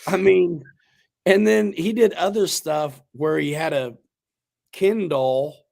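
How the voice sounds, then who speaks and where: A man hosts a casual livestream chat, rambling in a laid-back, slangy way and restarting his sentences. His voice is on the high side, creaky and darkish, and he speaks slowly.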